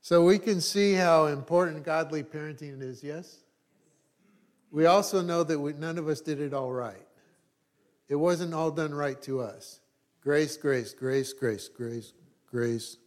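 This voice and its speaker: A man's voice: fairly high pitch, steady tone, unhurried. A middle-aged man, a pastor, giving a conversational sermon with wry humorous asides and frequent restarts.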